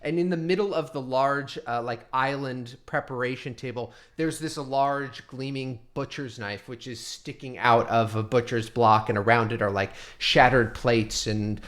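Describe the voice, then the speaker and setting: A man's voice: mid-range voice, moderate pace, few pauses, fairly bright tone. A man narrating as game master of a tabletop game, rambling with many fillers.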